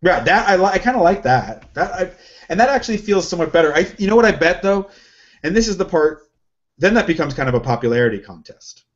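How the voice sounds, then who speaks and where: A man's voice: high-pitched, very animated, fast talker. Rambling man on a lo-fi recording. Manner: rambling, self-questioning, many restarts. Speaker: podcast co-host. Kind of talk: casual chat. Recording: lo-fi, dull sound.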